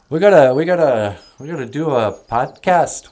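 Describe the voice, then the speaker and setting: A man hosting and telling traditional stories in a slow, musing, casual way, laughing often. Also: fairly high pitch, animated, darkish tone. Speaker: storyteller and host. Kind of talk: casual storytelling.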